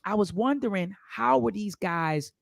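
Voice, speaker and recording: A middle-aged woman co-hosting a casual talk show, swinging between high and low as she acts out quoted dialogue. Her voice sounds dry and close to the mic, with little room sound. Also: unhurried, creaky, dry recording. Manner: animated storytelling with quoted dialogue. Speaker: co-host.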